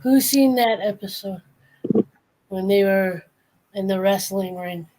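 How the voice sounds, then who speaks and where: Woman streamer, animated storyteller in a casual chat, middle pitch. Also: slow pace, rough recording. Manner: animated storyteller, quoting cartoon lines.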